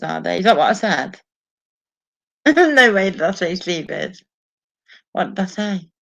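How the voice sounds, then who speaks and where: On a casual live stream from home, a woman sitting alone reads viewer comments, swearing and laughing often. Her voice is lowish, a bit bright, and sing-song with vocal fry; she's a little slow and leaves long pauses. The recording sounds dull and lo-fi.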